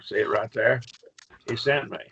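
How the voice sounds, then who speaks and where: A man's voice: medium pitch, steady tone, moderate pace, pushed and bright, lo-fi sound, a little hiss or hum. A man teaching a Greek grammar class online, patient and questioning, with frequent okays.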